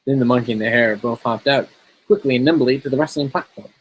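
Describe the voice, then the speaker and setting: A man casually reading a fairy tale aloud in a relaxed, steady way. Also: medium pitch, fast talker, a little hiss or hum, low-quality recording. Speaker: storyteller.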